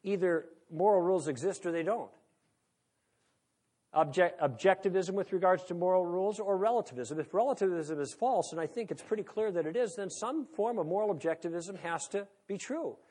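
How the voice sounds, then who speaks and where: A man's voice: sits high, a little fast, mellow. A man lecturing an audience in a conversational, wry way, leaning on rhetorical questions. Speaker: speaker.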